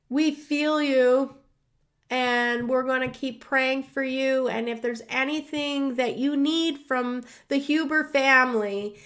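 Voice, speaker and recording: A woman's voice: high-pitched, fairly bright tone. A woman hosting a livestream from her home studio, emotional and rambling, with many restarts. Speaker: host. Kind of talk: casual livestream talk.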